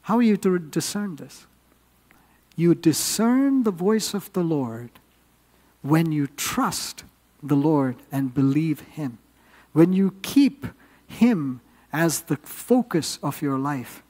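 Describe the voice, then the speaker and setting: A man's voice: a little high, expressive, slow, mellow, big-room sound. A man preaching a sermon, earnest and building up with rising emphasis.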